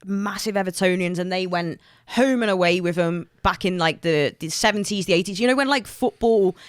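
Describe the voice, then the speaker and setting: A woman's voice: lowish voice, a little fast, no echo, clean studio sound. A woman co-hosting a podcast who talks in a chatty, nostalgic way with lots of fillers. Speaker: podcast co-host. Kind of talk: casual chat.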